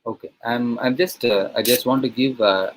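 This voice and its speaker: A man's voice: mid-range voice, normal speed, slight background noise, low-quality recording. A male professor from India giving an online lecture to teachers, talking conversationally with many fillers and frequent "okay?" checks.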